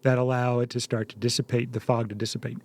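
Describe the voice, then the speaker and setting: A man's voice: mid-range voice, flat delivery, fast. A middle-aged man co-hosting a parenting talk, earnest and storytelling, acting out little dialogues. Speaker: podcast co-host, parent.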